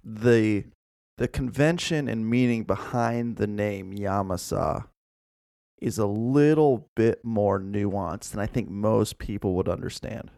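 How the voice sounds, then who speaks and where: A man's voice: fairly low pitch, slow, gravelly, dark tone, dry recording, clean studio sound. A man co-hosting a casual podcast, playful and reciting odd facts with mock seriousness. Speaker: podcast co-host.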